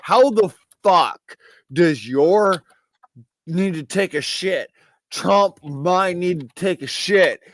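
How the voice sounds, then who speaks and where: A man chatting casually on a livestream, telling profane, animated stories. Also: sits high, slow. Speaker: co-host. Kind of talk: casual chat.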